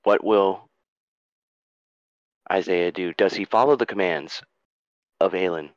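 A man narrates a fantasy scene as game master, in a low voice and an unhurried, dramatic delivery. The recording is dry and somewhat dull. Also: no echo.

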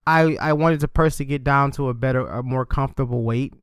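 Relaxed male podcast host, smooth resonant voice, dry close recording. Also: mid-range voice, fast talker, dry recording. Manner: relaxed, thinking aloud with fillers. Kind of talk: casual interview chat.

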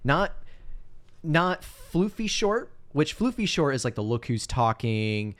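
Male podcast co-host, casual movie chat, animated, mid-pitched voice. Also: takes it slowly. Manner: animated, acts out characters' lines.

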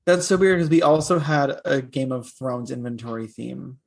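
A podcast co-host with a creaky, mid-range male voice talks at normal speed in clean studio sound with no echo. Chatty and giggly, he discusses a film, laughs easily, and reads a speech from it aloud in a mock-solemn tone.

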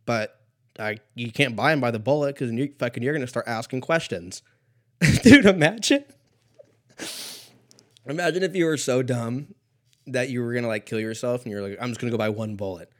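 A man in his thirties hosts a solo comedy ramble while a little stoned. He swears freely, loses his thread, and drifts from one hypothetical to the next in a mid-pitched voice. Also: normal speed, pauses often, fairly bright tone. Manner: profane, meandering, laughs at own jokes. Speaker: podcast host.

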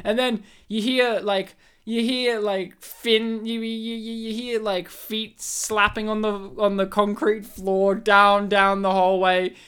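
A woman chatting casually on a podcast, retelling a film plot with animated energy and sudden loud outbursts. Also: medium pitch, slow, hardly any pauses, smooth. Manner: animated storyteller, acts out characters with loud outbursts.

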